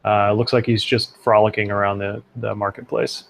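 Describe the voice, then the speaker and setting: A man's voice: lowish voice, level tone, moderate pace, creaky. Guy running a tabletop game, easygoing narration, lots of uhs, laughs now and then. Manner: loose, laughing narration with fillers. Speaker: game master.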